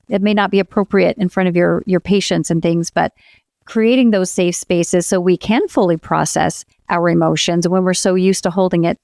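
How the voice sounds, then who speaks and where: A woman's voice: fairly low pitch, vocal fry, darkish tone, dry recording, clean studio sound. A woman coach co-hosting a podcast, speaking earnestly and encouragingly. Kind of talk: casual podcast conversation.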